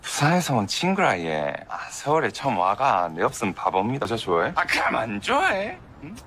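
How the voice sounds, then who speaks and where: A brash young man with a thick Busan accent rattles off gruff, clipped scolding at breakneck speed. His pitch swings up and down as he bosses and teases. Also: huge pitch swings, racing, fairly bright tone, a little hiss or hum. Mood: gruff teasing. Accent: Busan Gyeongsang Korean. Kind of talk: TV drama acting.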